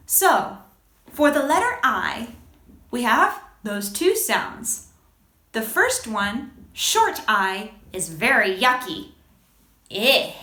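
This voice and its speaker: A woman teaching a children's phonics lesson, speaking slowly and exaggerating each sound for young learners. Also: fairly high pitch, roomy sound. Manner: slow, expressive, exaggerated sounds.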